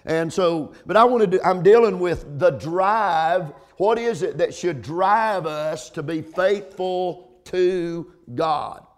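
A middle-aged male pastor preaching a sermon, repeating words, dropping in "amen" often, and slowing down to stress points before rising to loud peaks. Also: high voice.

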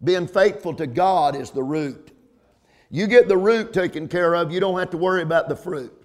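A middle-aged man with a high voice preaches a sermon as a pastor, repeating words and saying "amen" often. He slows down to stress his points, then climbs to loud peaks.

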